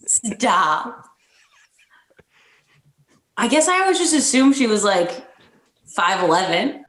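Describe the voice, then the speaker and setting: A woman's voice: mid-range voice, sing-song, slow pace, pauses often, a bit bright. A woman guest on a podcast who chats candidly and bluntly, laughing often. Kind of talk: casual conversation. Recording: echoey room sound.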